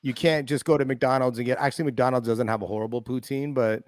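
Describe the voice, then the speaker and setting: A man's voice: mid-range voice, fairly even intonation, fast talker, no room sound, clean studio sound. A man from Canada co-hosting a sports stream, laid-back and swearing casually as he chats. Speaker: podcast co-host.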